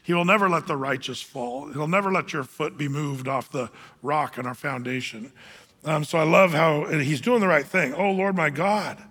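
A man in middle age teaches from the Bible in an easy, conversational way, stumbling through restarts and fillers. His voice sits a little high and comes through bright and forceful. A long reverb from a large hall trails behind every phrase. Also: moderate pace, slightly rough. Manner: conversational, many fillers and restarts, acts out scripture quotes. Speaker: pastor.

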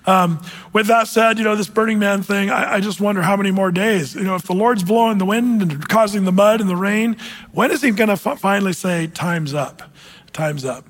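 A man's voice: high-pitched, a little fast. A man preaching a sermon as a pastor, speaking conversationally with fillers and closing in prayer. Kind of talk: sermon with prophecy update.

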